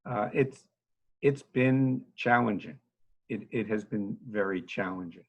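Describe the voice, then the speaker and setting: Earnest husky older man, halting speech. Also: on the low side, highs cut off. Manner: earnest, halting, with many fillers and restarts. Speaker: nursing home agency head speaking to a club. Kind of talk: informal talk to a civic club.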